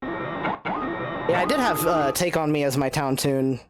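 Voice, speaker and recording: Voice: medium pitch, very animated, slow pace, background noise. A young adult game streamer in casual let's-play chat, self-mocking, often stammering and swearing. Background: faint game music.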